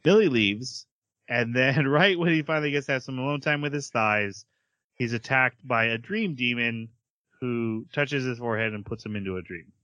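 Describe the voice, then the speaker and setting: A man with a bright, forceful voice chats casually on a podcast, retelling an anime episode scene by scene. He acts out the characters' lines as he goes and laughs often. The sound is close and dry. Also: mid-range voice, normal speed, no room sound, dull audio. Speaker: podcast co-host reviewing anime. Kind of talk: casual chat, recapping an episode.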